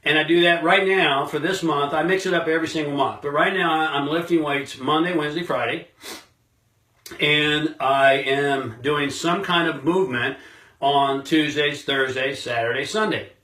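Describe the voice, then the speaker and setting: A man's voice: a little high, moderate pace, pushed and bright, roomy sound. A man giving a motivational self-help talk straight to his viewers, emphatic and punchy, with lots of repetition and rhetorical questions.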